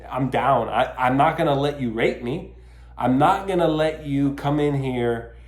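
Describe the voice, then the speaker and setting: A frustrated man vents on his own podcast, cursing and mocking himself as he rants. His voice sits at an ordinary middle pitch. The room around him rings with noticeable echo. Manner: exasperated, swearing, self-mocking. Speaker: podcast host. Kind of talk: casual solo podcast rant.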